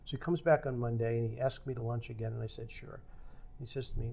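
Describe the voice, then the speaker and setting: An older man appears as a podcast guest, speaking fast in a creaky, mid-range voice. He recounts a story from his working life, acting out the quoted dialogue as he goes.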